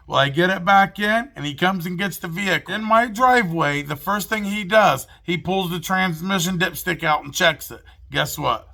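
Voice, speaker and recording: Man, mobile mechanic, casual storytelling; gravelly, raised pitch, profane and self-mocking. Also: sharp tone. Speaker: mobile mechanic telling his own story.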